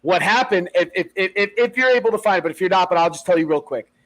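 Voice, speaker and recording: A podcast co-host with a high voice for a man, chatting casually. He tells stories with energy, swearing freely and acting out the lines of the people in them. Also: fast, rough recording. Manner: animated retelling with profanity and acted-out quotes. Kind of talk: casual chat.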